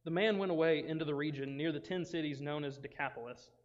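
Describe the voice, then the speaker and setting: A man gives a casual, animated youth sermon, acting out the voices of friends and Bible characters. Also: fairly high pitch, fast talker. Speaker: youth pastor. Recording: dull sound with long reverb in a hall.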